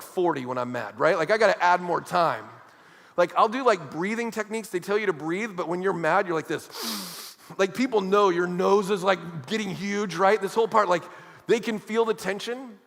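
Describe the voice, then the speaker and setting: A male pastor with a high voice preaches in a church auditorium, and a long reverb trails behind his words. His delivery is conversational, mixing scripture with casual asides and questions to the congregation. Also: fairly bright tone. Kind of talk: sermon.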